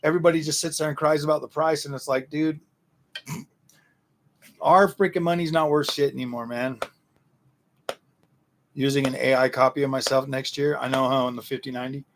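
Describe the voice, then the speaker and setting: A man's voice: mid-range voice, fairly even intonation, moderate pace, pauses often, background noise. A man hosting a casual livestream, answering chat in a slangy, ranting way, often repeating himself and restarting his sentences.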